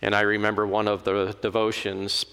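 A man's voice: on the low side, monotone, moderate pace, vocal fry, fairly bright tone, clear, resonant tone. A man preaching a sermon in a conversational, storytelling manner. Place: church. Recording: long hall reverb.

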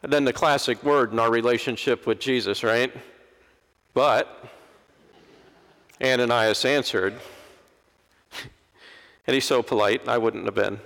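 A middle-aged man, an Episcopal preacher, giving a lively sermon and acting out the people he quotes. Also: mid-range voice, measured pace, vocal fry, long pauses. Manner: animated, acts out quoted voices. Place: large church. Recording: long church reverb.

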